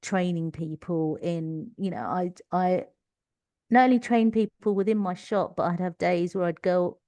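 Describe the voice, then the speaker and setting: A woman's voice: lowish voice, fairly even intonation, unhurried, mellow, no echo. A middle-aged woman with a Cockney accent, a podcast guest telling stories from her working life with frequent laughter. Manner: chatty storytelling with frequent laughter. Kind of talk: conversational interview.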